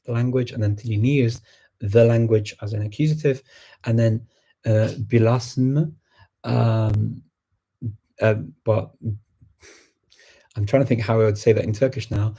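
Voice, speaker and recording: Male stream host with a warm, husky voice, chatty and full of ums, fielding viewer questions. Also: fairly low pitch, steady tone, unhurried, pauses often. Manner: chatty, frequent ums and chuckles. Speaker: language learning host.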